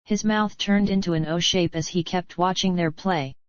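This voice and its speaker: Low-pitched female narrator, steady read, muffled dry voice-over. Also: moderate pace, no echo. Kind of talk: scripted audiobook narration.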